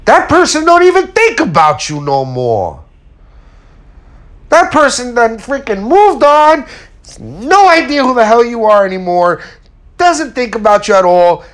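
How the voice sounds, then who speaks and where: Animated, blunt-talking man. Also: high-pitched. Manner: animated, blunt, slangy, swears casually. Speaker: woodworker and furniture maker. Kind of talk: casual motivational talk.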